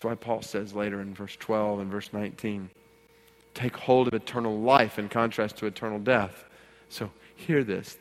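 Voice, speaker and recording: A man preaching as a pastor, swinging from hushed, earnest passages to loud, ringing exhortation and repeating key words for emphasis. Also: lowish voice, steady tone, moderate pace. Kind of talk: sermon. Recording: long hall reverb.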